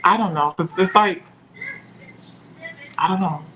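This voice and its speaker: A young woman telling a painful personal story as a podcast guest, pausing and searching for her words. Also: on the low side, noisy background.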